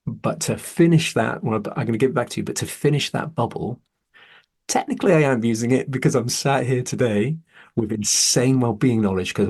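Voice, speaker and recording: A podcast host in his 40s talks candidly and earnestly in a casual conversation, swearing when he gets heated. His voice is lowish and a little mellow, with a breathy edge.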